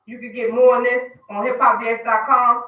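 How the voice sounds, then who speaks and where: A woman hosts a casual hip hop news show on online radio, mixing news reading with slangy jokes. Her voice is sharp and bright, sitting a bit above the usual pitch. She sounds set back from the mic in a roomy studio. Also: flat delivery, fairly quick, recorded from a distance. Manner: slangy, joking banter while reading news.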